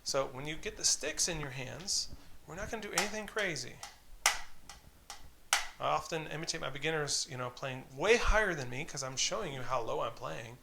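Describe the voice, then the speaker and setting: A man's voice: a little high, lively intonation, normal speed, creaky, heavy background noise. A man teaching drum rudiments, patiently calling out stickings and counting in exercises. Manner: patient, encouraging, counts aloud and calls out stickings. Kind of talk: instructional tutorial, counting off exercises.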